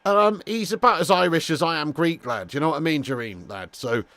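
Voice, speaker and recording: A man hosting a live football watch-along, chatting casually to viewers, swearing freely, and getting loud when calling goals. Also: a little high, lively intonation, brisk, no room sound. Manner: casual, laddish, swears freely, calls viewers mate and lad. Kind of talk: live streamed football commentary and chat.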